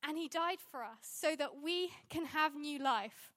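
A woman's voice: high-pitched, a little slow, sharp tone. A woman preaching a sermon in a conversational way, often restarting sentences and laughing at herself.

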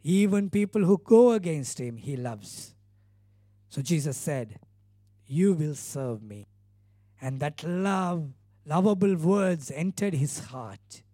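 A man's voice: a little high, lively intonation, slow pace, warm tone, dry recording, clean studio sound. A male pastor preaching a sermon, retelling scripture earnestly with emphatic repeated phrases.

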